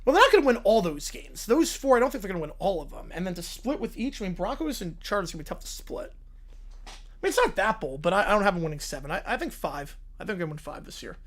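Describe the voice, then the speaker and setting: A male streamer talks sports in casual, rapid bursts, full of restarts and hedges. He sounds relaxed and unscripted, as if chatting with his viewers. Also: high voice. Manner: quick, hesitant sports talk. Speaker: streamer host. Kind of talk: casual live-stream chat.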